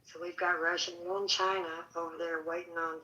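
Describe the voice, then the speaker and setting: A woman joins a livestream discussion and speaks hesitantly, filling her pauses with ums. Her voice sits on the low side for a woman but has a bright, forceful edge. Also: flat delivery, dull audio.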